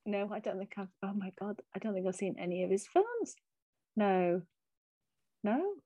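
A woman's voice: mid-range voice, sing-song, normal speed, mellow, no room sound, highs cut off. A woman co-hosting a podcast, chatting casually, thinking aloud and laughing easily. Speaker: podcast co-host. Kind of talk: casual film chat.

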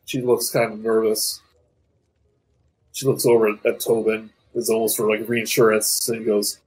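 A man narrating a tabletop game as game master, casual and halting with fillers. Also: lowish voice, level tone, darkish tone, slightly rough, low-quality recording.

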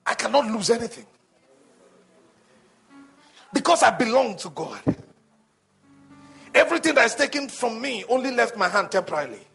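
A male preacher delivering a call-and-response sermon that builds to shouting. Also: extremely high pitch, very animated, normal speed, creaky, long pauses, breathy edge, soft background music.

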